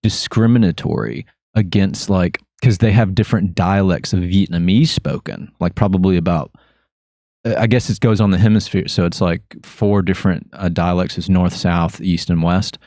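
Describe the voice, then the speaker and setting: A man's voice: deep voice, steady tone, normal speed, dark tone, no echo, clean studio sound. A man hosting a podcast, chatting casually and easygoingly with his guest, often trailing off mid-thought. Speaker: podcast host. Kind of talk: casual interview chat.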